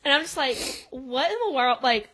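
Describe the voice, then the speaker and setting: A woman's voice: high-pitched, moderate pace, a bit bright. Chatty young woman recapping a show. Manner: chatty, laughing, frequent "like" fillers. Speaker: podcast co-host. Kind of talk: casual recap chat.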